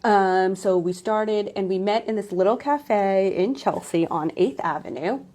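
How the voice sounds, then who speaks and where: A woman in her forties hosting a live-stream chat as a women's empowerment coach, gushing and excitable, tripping over her words. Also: mid-range voice, measured pace. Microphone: phone or laptop live stream.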